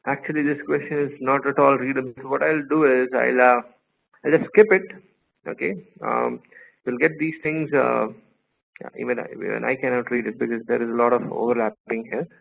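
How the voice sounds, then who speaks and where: A man's voice: medium pitch, fairly even intonation, a little fast, vocal fry. A man teaching a law class online, telling playful stories and quizzing his students. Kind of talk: live online class lecture. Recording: tinny phone-like line, faint noise.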